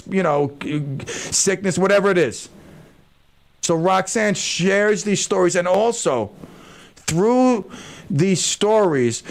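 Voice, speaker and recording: A male radio show host chatting in a rambling, excitable way from his studio, calling out shout-outs to listeners. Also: on the high side, creaky. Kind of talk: casual radio chat. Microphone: studio microphone.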